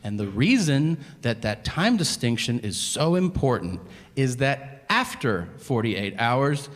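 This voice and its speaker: A man performing a stand-up comedy routine, telling stories in an animated way and acting out voices. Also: medium pitch, a little slow. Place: theater stage before a live audience. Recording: echoey venue with audience noise. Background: audience laughter.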